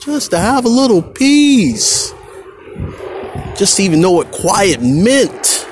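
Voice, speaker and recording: A man's voice: high voice, big pitch swings, takes it slowly, slight background noise. A man from California hosting a podcast, musing aloud in a loose, reflective solo ramble outdoors. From California, USA. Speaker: podcast host. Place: outdoors, with a helicopter overhead. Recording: loud jazz music playing behind the voice.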